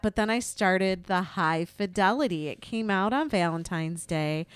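A woman chatting casually as a podcast co-host, animated and swearing freely as she tells stories. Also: medium pitch, unhurried, clear, resonant tone, no echo, studio quality. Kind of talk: casual chat.

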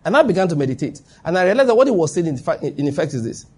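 A man delivers a sermon to a congregation in front of him. His voice sits a little high and sounds husky, and he presses each point hard, repeating himself and asking again and again whether his listeners understand. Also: sing-song, rapid-fire, darkish tone. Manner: emphatic, checks in with listeners. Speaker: preacher. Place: before a live congregation.

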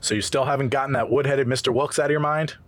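A man reading a cocky roguish suitor, loud. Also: medium pitch, fairly even intonation, fast talker, close to an everyday voice. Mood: teasing. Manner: loud, near-yelled line reading. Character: cocky, roguish man courting a young woman. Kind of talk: casual read-through of a film scene.

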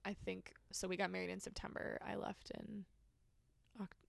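A woman's voice: medium pitch, little pitch movement, normal speed, creaky, no room sound. A young woman telling her personal story as a podcast guest, candid and conversational, full of "like" fillers. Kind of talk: personal testimony in a podcast interview.

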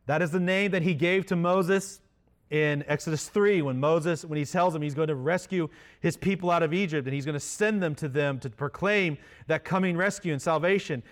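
A man's voice: fairly high pitch, moderate pace. A man preaching a sermon in a conversational way, with self-deprecating humor. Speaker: pastor.

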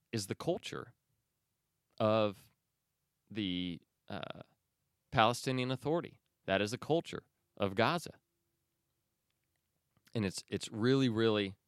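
Guy doing a news commentary podcast, sarcastic and opinionated, lots of uhs, smooth voice. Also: on the low side, animated, slow, long pauses, no echo, studio quality. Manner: opinionated, sarcastic, with many fillers and restarts. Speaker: podcast host.

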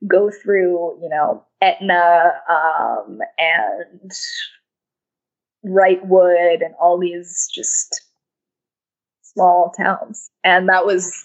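A young woman from New York City, a hoarse-voiced interview guest talking in a rambling way. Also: fairly low pitch. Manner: rambling, frequent restarts and laughs. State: losing her voice. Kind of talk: casual interview conversation. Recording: dull lo-fi audio.

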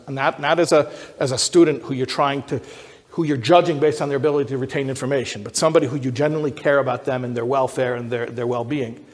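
A man who is an educator, giving a lecture that builds to emphatic high peaks, often repeating and restarting words as he thinks aloud. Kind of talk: lecture to an audience. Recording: long hall reverb.

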